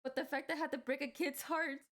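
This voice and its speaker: A woman's voice: sits high, fairly even intonation, quick pace, a bit bright. A young woman telling a work story casually, with rambling restarts and frequent fillers. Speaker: vlogger.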